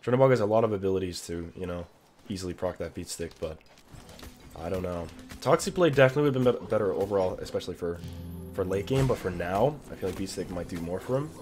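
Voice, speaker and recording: A man casting a video game match, chatty and excitable, laughing and cursing at big plays. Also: low-pitched, fast, faint music behind. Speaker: caster. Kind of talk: casual game commentary. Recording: background noise.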